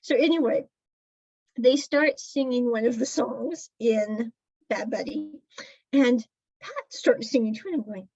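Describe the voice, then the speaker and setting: A woman's voice: fairly high pitch, a little slow, dark tone, slightly rough, dry recording, lo-fi sound. A woman casually recapping a drama episode, chatty and laughing often as she retells scenes. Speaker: drama reviewer.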